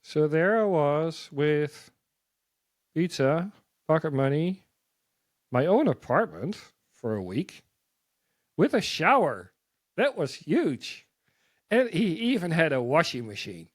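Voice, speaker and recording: Man telling a halting personal story. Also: on the high side, very animated, no echo. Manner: halting, with restarts and repeated words. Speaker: guest sharing a testimony.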